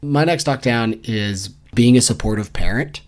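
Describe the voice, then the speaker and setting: A man's voice: mid-range voice, moderate pace. A man co-hosting a casual book podcast, making sarcastic, jokey asides. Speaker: podcast co-host.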